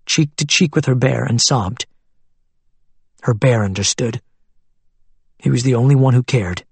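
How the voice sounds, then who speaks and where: A man narrates an audiobook in a steady, even way, his voice sitting slightly high with a husky, breathy grain. The recording is dry and close, with no room sound. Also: no room sound.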